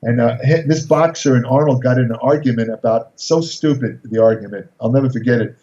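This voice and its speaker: An older man telling an animated story in an interview, often repeating words and restarting his sentences. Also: medium pitch, brisk. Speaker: guest storyteller. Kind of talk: casual interview anecdote. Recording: echoey, slightly dull recording.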